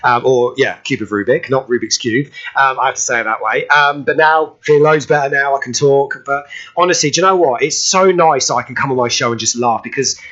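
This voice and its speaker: A British man hosting a radio show in casual chat, excitable and quick to burst out laughing. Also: medium pitch. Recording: dull lo-fi radio audio.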